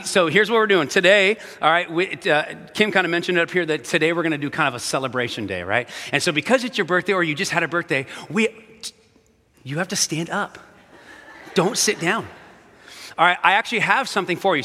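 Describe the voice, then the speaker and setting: A man preaching in a church, his voice bright and forceful, a touch high for a man. He keeps it upbeat and playful and talks straight to the room, a little out of breath, with long hall reverb and faint music behind him. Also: fast talker. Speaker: pastor. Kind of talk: energetic sermon. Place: church sanctuary.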